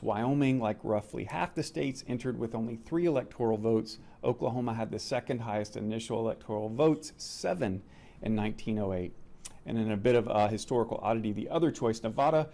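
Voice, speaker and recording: A man hosting a casual quiz segment, reading each question slowly and repeating it for his guests. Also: medium pitch, dark tone. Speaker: quiz host. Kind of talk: casual quiz show chat.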